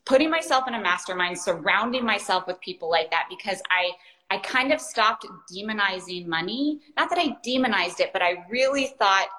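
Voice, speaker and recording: A woman's voice: medium pitch, lively intonation, moderate pace, pushed and bright, poor audio. A woman podcast host and coach in casual chat, effusive and enthusiastic, laughing easily.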